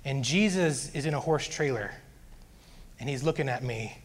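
A man earnestly sharing a personal faith testimony, growing animated as he recounts his frustration. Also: medium pitch, moderate pace, slight background noise.

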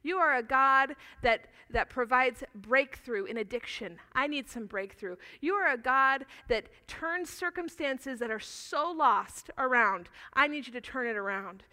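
Bright-voiced woman preaching a sermon. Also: high voice, smooth. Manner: earnest, animated storytelling with rhetorical questions. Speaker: pastor.

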